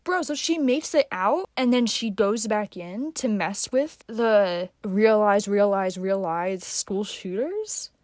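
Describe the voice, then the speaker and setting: A woman's voice: fairly high pitch, animated, takes it slowly, few pauses, a little mellow, no room sound. A young woman hosting a casual reaction vlog, slangy and sarcastic. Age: young adult. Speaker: vlogger, host.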